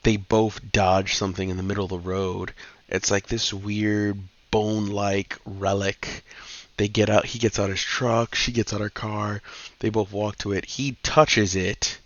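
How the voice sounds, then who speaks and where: A man hosting a casual comic book review, retelling plots in a slangy, profane, excitable way. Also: lowish voice, a little slow, dry recording. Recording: dull lo-fi dry recording.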